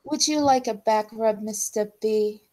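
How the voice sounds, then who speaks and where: A playful comic-book villainess done by a woman, cooing her lines in a coy drawl. The voice climbs well above the performer's own and turns soft and teasing. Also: on the high side, unhurried, voice pushed up, lightly acted. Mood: flirty.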